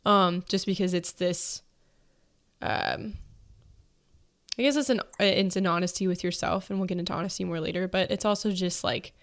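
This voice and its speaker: A woman's voice: lowish voice, normal speed. Young female host, pregnant, loose conversational delivery full of fillers. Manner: chatty, many fillers and likes. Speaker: podcast host. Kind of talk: casual faith-based chat.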